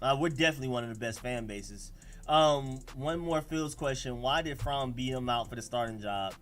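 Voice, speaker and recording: A man with an Atlanta accent hosting a casual sports livestream, talking in an animated, slangy way and reacting to the live chat. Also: mid-range voice, moderate pace, soft background music. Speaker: livestream host.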